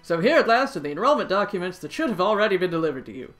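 A woman voicing a polite, formal male school director in a video game, with a courteous, brisk delivery. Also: on the low side, big pitch swings, soft background music.

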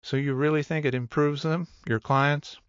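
A man's voice: fairly high pitch, steady tone, moderate pace, clear, resonant tone, dry recording, voice pushed up, lightly acted. A man voicing an eager, chatty young male gym trainer who rambles enthusiastically, in a dull, dry audiobook recording. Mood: enthusiastic.

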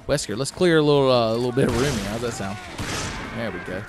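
A man giving casual, profane, joking commentary over his own gameplay, rambling and breaking into loud exclamations. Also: medium pitch, fast. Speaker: let's play commentator. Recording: game music behind the voice.

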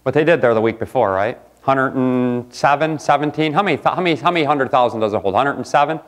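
A pastor preaching a sermon in a church, jumping from loud outbursts to quiet asides. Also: male voice, mid-range voice, quick pace. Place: church sanctuary.

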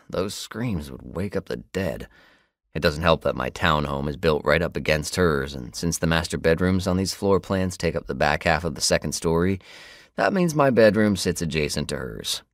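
Very deep-voiced male audiobook narrator. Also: expressive, moderate pace, a bit bright, no echo. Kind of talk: first-person scripted narration. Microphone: close studio mic. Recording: dry studio booth.

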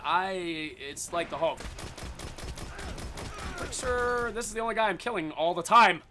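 A man giving excited, casual commentary on his own gameplay, swearing and yelling at the game. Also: high-pitched, slight background noise. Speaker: gaming video host.

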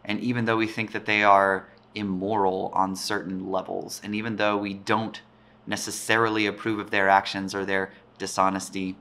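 A male teacher giving a casual, rambling talk about a play, thoughtful and pausing often. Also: on the low side, level tone, pushed and bright. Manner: thoughtful, rambling, with frequent pauses.

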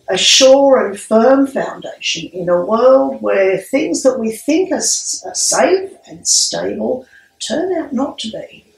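A woman priest giving a sermon with a measured, storytelling delivery. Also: medium pitch, gravelly. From Australia. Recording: echoey room, mic at a distance.

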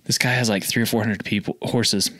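A man's voice: fairly low pitch, fairly even intonation, a little fast, fairly bright tone, dry recording, clean studio sound. A man from Oklahoma, a store owner, telling stories in a casual interview, rambling and filling his talk with lots of "like". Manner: rambling, filler-heavy with lots of "like". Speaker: feed store owner, guest.

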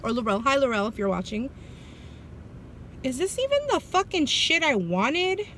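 A young woman vlogs a shopping haul in a high, sing-song, somewhat bright voice at a moderate pace. She talks casually and bluntly, swearing heavily and keeping things loose, with faint background noise.

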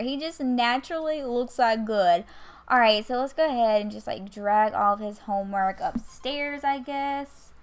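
A woman's voice: a little high, a little slow. A woman, chatting casually while playing a life-sim game into a desk mic, scolding the characters with exasperated asides. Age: 20s. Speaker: gaming YouTuber. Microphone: USB desk mic.

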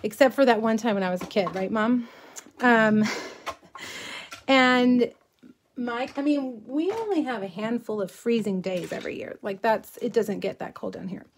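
A woman's voice: on the high side, a little slow, a little hiss or hum. Chatty woman crafting live. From South Texas. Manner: chatty, rambling, reads viewer comments aloud while working. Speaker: crafting livestream host. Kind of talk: casual crafting livestream chat.

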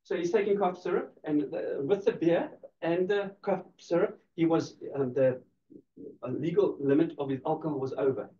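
A man's voice: fairly high pitch, fairly even intonation, normal speed, mellow, slight background noise. A man giving a playful, teasing law lecture to a class, laughing often. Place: lecture room. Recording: distant echoey lo-fi room recording.

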